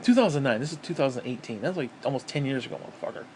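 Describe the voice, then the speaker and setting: A man's voice: mid-range voice, lively intonation, racing, a little mellow, a little hiss or hum. A man from upstate New York delivering an angry, profane, sarcastic political rant on his vlog. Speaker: vlogger.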